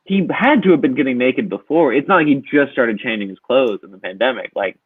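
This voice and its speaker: A man anxiously rambles through his worry, his pitch jumping around as he talks. He sounds tinny and phone-like over a dry video-call line. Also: animated, fairly quick, breathy edge, no room sound. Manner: anxious, rambling, lots of fillers. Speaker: guest asking for advice. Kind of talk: casual comedic advice chat.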